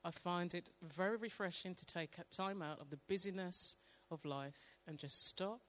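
A woman sharing a calm devotional testimony and leading a slow, meditative guided prayer. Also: fairly low pitch. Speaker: church member sharing testimony.

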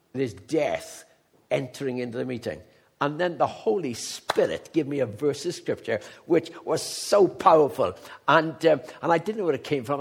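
Older male preacher, husky, narrating testimonies with big swings from soft to loud. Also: a little high. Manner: storytelling, swings from hushed to loud and emphatic. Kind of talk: sermon.

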